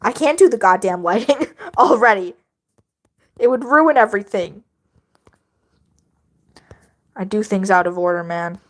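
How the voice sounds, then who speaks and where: A woman's voice: mid-range voice, expressive, moderate pace. A woman livestreaming while she draws, chatting casually and rambling to her viewers, often laughing.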